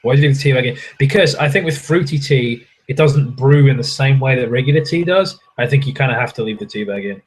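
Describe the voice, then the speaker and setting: A man's voice: mid-range voice, fast talker, few pauses, a little hiss or hum, poor audio. A young adult man, hosting a casual livestream from a hotel room and answering chat in a rambling way, swearing freely and poking fun at himself.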